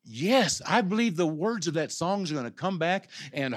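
A man preaching a sermon as pastor of his church, moving from low conversational talk to loud, impassioned climaxes with stammered restarts. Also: very animated, moderate pace. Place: church sanctuary.

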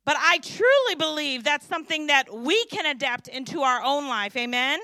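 A woman in her fifties from St. Louis preaching a sermon, lively and joking, often asking the crowd questions. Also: high voice, moderate pace, dry recording, studio quality. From St. Louis, USA. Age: 50s. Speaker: preacher and kindergarten teacher.

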